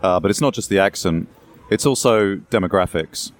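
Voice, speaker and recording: A man's voice: low voice, moderate pace. An English man being interviewed, explaining things at length in a conversational way with asides and a bit of hyperbole. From England. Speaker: guest.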